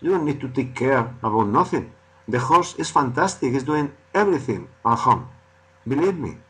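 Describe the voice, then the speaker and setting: A man voicing a pushy, boastful male horse seller in a spoken joke, loud and insistent. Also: mid-range voice, big pitch swings, moderate pace, slightly rough, pitched above the performer's own voice. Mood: boasting.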